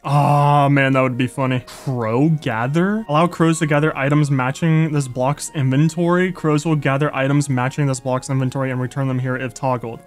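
A young man giving excitable, gushing Let's Play commentary, yelping when enemies appear. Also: mid-range voice. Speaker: gaming YouTuber.

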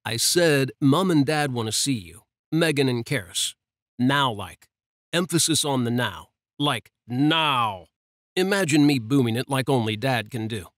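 A man's voice: mid-range voice, expressive, unhurried, a bit bright, dry recording, clean studio sound. A man voicing a cocky, joking younger brother in an audiobook romance. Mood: emphatic. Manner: flippant, joking, emphatic. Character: cocky younger brother, god's son, teasing.

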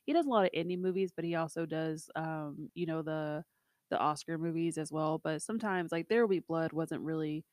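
A woman's voice: low voice, fairly quick, a little mellow, no echo. A woman co-hosting a movie review show in casual chat, talkative and laughing often between fillers.

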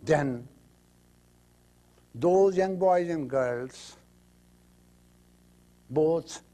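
A man's voice: on the high side, drawn-out words, mellow. A man giving a spiritual lecture, telling parables emphatically and acting out the quotes. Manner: emphatic storytelling with acted quotes. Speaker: spiritual teacher.

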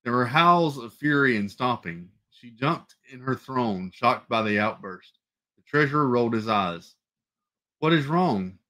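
Guy reading a book out loud for a book club, trips on words n fixes them. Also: mid-range voice, animated, unhurried. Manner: stumbles and self-corrects. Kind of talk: reading a novel aloud.

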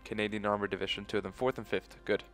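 A man's voice: fairly low pitch, flat delivery, very fast, faint music behind. A man giving casual let's-play commentary, thinking aloud in a loose, profane way. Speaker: gaming video host.

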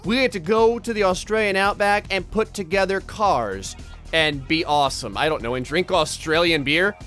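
A young gaming YouTuber from New Jersey, United States, speaks at normal speed in a high-sitting, fairly bright voice, with faint music in the background. His gameplay commentary is casual, jokey, and rambling, aimed straight at his viewers.

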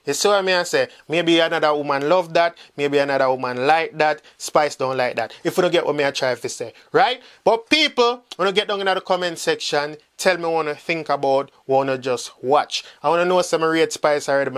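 A Jamaican man runs through entertainment news in a loose, chatty way, slipping between patois and English. His voice sits a little high for a man, and he keeps turning to speak straight to his audience. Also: a bit bright, smooth. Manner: chatty, addresses viewers directly, mixes patois and English. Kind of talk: casual gossip commentary.

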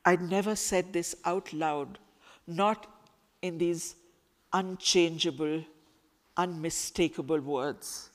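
A woman author reads her novel aloud, slowly and expressively, letting each phrase breathe. She is in a school hall, and a long reverb trails after her voice. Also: lowish voice. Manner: slow, expressive storytelling.

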